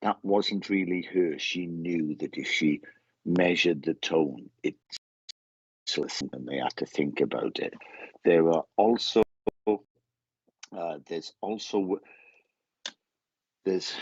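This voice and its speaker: Low husky man, medium giving a reading, halting and repetitive, dull lo-fi sound. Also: dry recording. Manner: halting, repeats words while relaying messages.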